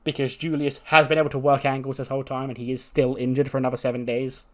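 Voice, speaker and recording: A man at a middling pitch narrates his wrestling management game run in loose, casual commentary. He rambles through it with plenty of ums and restarts. He also voices the wrestlers himself. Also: flat delivery, fast. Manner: rambling, filler-heavy, chuckling. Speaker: let's-play host.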